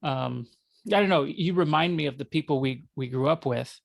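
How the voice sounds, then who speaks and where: Minnesota-accented man guest, gravelly, loose and jokey, dry recording. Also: a little high, moderate pace, no room sound. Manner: rambling, self-correcting, joking. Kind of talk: conversational interview.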